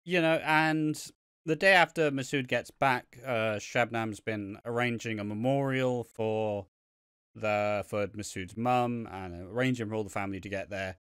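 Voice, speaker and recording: A man in casual podcast chat, talking with a smooth, resonant voice that sits in the middle of the male range. He swears freely and laughs as he recaps, slipping into the characters' lines. The sound is close and dry. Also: lowish voice, unhurried, a bit bright, no room sound. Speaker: podcast co-host.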